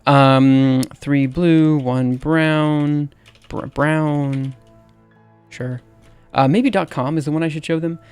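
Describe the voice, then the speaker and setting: A man's voice: on the high side, steady tone, a little mellow, clean tone. A man in his thirties from Alabama with a Southern accent, chatting casually on a livestream as he types, hesitant and full of fillers. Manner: halting, filler-heavy, laughs at himself. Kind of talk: casual livestream chat while typing. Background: faint music and keyboard typing.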